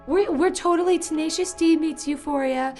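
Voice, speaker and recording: A woman's voice: high-pitched, normal speed, darkish tone, faint music behind. A woman guest in an improv comedy scene who rambles hesitantly, with plenty of ums. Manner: hesitant, rambling, filler-heavy.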